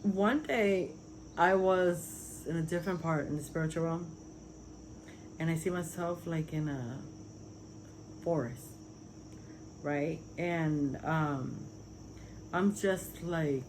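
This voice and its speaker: Speaking slowly in a low voice with long pauses and background noise, a Puerto Rican vlogger shares her spiritual visions. She's casual and earnest, rambling with lots of filler words as she testifies.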